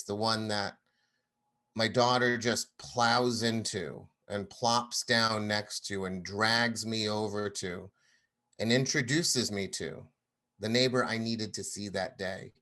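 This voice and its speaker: A man in his thirties telling a personal story to an audience, animated and acting out the people he quotes. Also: fairly low pitch. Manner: animated, acts out quoted voices.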